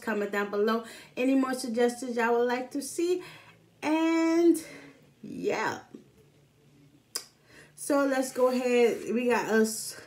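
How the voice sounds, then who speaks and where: A woman's voice: mid-range voice, darkish tone. A young adult woman chatting casually to her camera as a food vlogger, upbeat and informal. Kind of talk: casual eating-show chat to camera.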